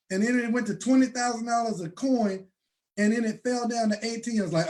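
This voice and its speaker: Speaking with an extremely high pitch, a man presents a motivational sales talk to an audience in an emphatic, preacher-like style. Shouted bursts alternate with slow, heavily stressed phrases.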